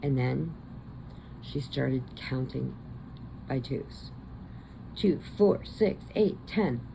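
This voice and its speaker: A middle-aged woman chatting casually as a crochet vlogger, telling family stories with animated quoted voices. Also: extremely low pitch, drawn-out words, vocal fry, slight background noise, low-quality recording. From American Midwest. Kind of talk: casual chat.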